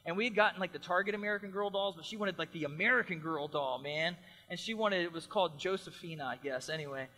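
A man's voice: high-pitched, sharp tone, long reverb tail. A middle-aged man delivering a sermon as pastor, earnest and emphatic, with repeated phrases.

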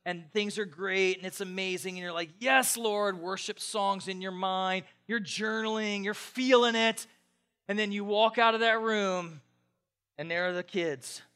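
High, bright-voiced man preaching a sermon. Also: moderate pace, smooth. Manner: conversational, swings from quiet asides to excited shouting. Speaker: pastor.

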